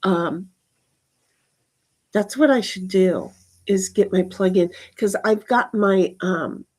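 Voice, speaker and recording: Casting: woman live-streaming outdoors, loose rambly chat, mid pitch, casual swearing. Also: takes it slowly, a little mellow. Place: backyard outdoors.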